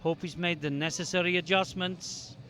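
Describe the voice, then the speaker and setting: A man giving calm, measured live commentary on a powerlifting competition. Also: high voice.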